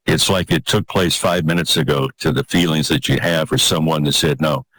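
An older man telling a personal story in an interview, earnest and halting, repeating words as he gathers his thoughts. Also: rumbling low, fairly even intonation, a bit bright, breathy edge, dry recording, poor audio.

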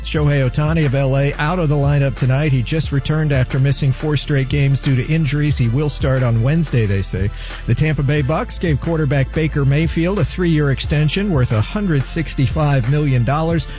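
A man reading a scripted sports news update in a brisk, newsy way. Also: a little high, darkish tone, soft background music.

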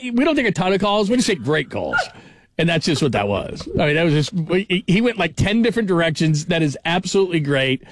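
A man hosting a sports radio show, excitable and full of big praise. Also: a little high, no echo.

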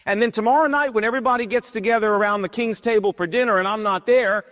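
Male pastor, high-pitched, conversational retelling of scripture, reverberant hall. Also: quick pace, fairly bright tone. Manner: paraphrases scripture in casual modern speech. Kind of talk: sermon.

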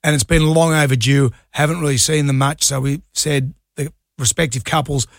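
A middle-aged Australian man rambles through an anecdote on air, laughing easily. His voice sits a bit high with a gravelly, husky grain. The studio sound is dry and close. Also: fairly even intonation, normal speed, no echo. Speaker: radio co-host. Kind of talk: casual on-air banter. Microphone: studio mic.

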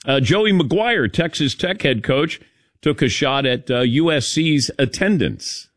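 A man's voice: a little high, lively intonation, unhurried, no room sound, studio quality. A man hosting a sports talk show, chatting loosely and laughing at his own stories. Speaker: sports talk radio host.

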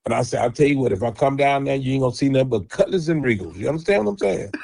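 A man's voice: medium pitch, racing, vocal fry, dry recording. A middle-aged man, telling personal stories as a guest and acting out the people in them. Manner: animated storyteller acting out quoted dialogue. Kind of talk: candid storytelling interview.

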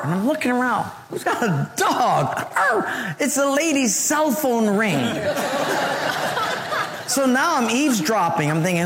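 A male pastor delivers a lively, story-filled sermon with jokes and asides. He dips his voice low to drive points home. His voice rings with a long reverb through a large hall. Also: moderate pace.

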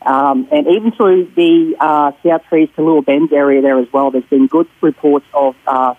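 A male Australian fisherman giving a radio fishing report, relaxed and rambling with lots of fillers. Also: a little high, normal speed, no echo, phone-quality sound.

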